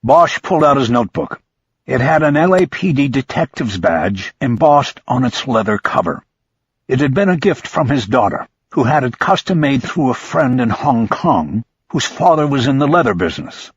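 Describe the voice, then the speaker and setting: Husky male audiobook narrator. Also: mid-range voice, sing-song, normal speed, no room sound, lo-fi sound. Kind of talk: scripted narration.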